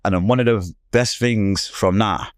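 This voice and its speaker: A man, a podcast guest telling a personal story in rapid, slangy speech and acting out the people in it. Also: lowish voice, no echo, studio quality. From Manchester, England. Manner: rapid, slangy, retells scenes with animated quoted voices.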